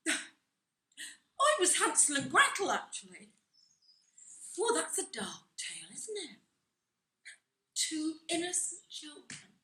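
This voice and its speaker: A woman's voice: sits high, bright, forceful tone, full character voice. An older woman acting in an amateur stage play, playing a chatty woman who rambles through old memories and laughs at her own asides. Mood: reminiscing. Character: chatty older woman reminiscing on a park bench. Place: theatre stage. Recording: roomy hall sound from a distant mic.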